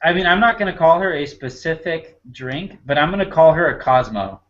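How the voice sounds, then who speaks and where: Male panelist, fairly high voice, jokey and riffing, slightly muffled recording. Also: expressive, brisk, a bit bright. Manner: jokey, laughs often, builds long comic comparisons. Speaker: sports podcast panelist. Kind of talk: casual chat.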